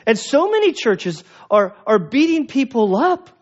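A man's voice: very high voice, sing-song, unhurried. A man preaching a conversational, emphatic sermon, walking his congregation through a Bible passage with asides. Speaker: pastor. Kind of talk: expository sermon. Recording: dull lo-fi sound.

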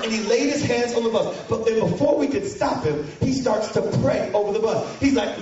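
A man telling a funny story to an audience of students, animated and mocking, shouting for effect. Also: very high voice, brisk, few pauses. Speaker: speaker to students. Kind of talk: comic storytelling to a live audience. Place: large hall with an audience. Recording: echoey hall from far off, muffled, crowd.

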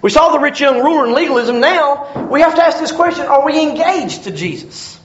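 A man preaching a sermon as pastor, animated and joking, acting out little voices as he goes. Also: very high voice, brisk, a little hiss or hum. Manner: animated, jokes and acts out voices. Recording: echoey room, dull lo-fi sound.

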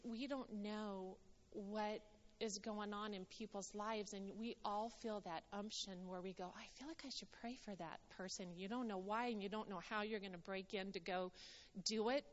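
A woman speaks to a gathering, sharing a ministry testimony with earnest storytelling. She often slips into quoting other people's words. Her voice sits at a middle pitch and sounds slightly dull, with a long reverb trailing off the walls of a big hall. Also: steady tone, normal speed.

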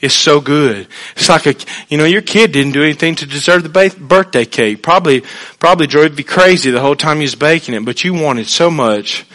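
Man, sermon, high-pitched, earnest, folksy, hushed to emphatic. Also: brisk, rough recording. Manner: conversational, with folksy asides and chuckles. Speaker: preacher.

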